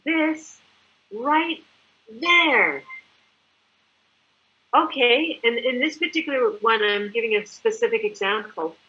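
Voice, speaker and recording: A woman living in Mexico, a product distributor, gives an enthusiastic, chatty sales presentation, animated and acting out examples as she goes. Her voice is fairly high, her pace slow with long pauses, and the audio sounds dull.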